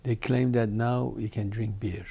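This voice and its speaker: An older man from Iran, telling his own story in an interview in animated, emphatic, slightly broken English. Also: on the low side, unhurried, vocal fry, husky. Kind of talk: personal storytelling.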